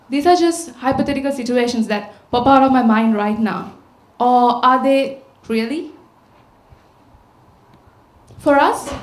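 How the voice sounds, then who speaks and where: Sri woman speaker, slightly high voice, storytelling in an echoey hall, rhetorical questions. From Sri Lanka. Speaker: conference speaker. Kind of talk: public talk. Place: large auditorium. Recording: echoey auditorium sound.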